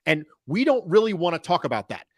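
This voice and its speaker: A man's voice: on the high side, sing-song, fast talker, dry recording, clean studio sound. A man talking football on a podcast, emphatic and analytical, often repeating a point for stress. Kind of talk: casual sports podcast talk.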